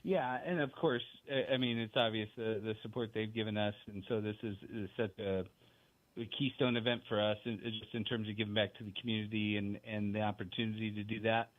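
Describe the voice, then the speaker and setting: A man's voice: lowish voice, a little fast. Guy phoning in to a sports show, tinny phone sound, laid back, stumbles and restarts. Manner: relaxed, restarting sentences. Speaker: team play-by-play broadcaster, guest. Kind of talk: casual radio chat. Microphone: phone call-in.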